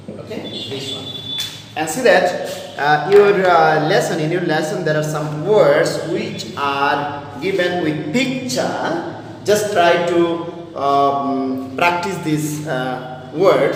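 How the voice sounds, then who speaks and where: A man's voice: fairly high pitch, slow. A man teaching a class on stress and intonation, hesitant, with many fillers and repeated words. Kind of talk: explaining to young students. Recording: echoey room, voice far from the mic, faint noise.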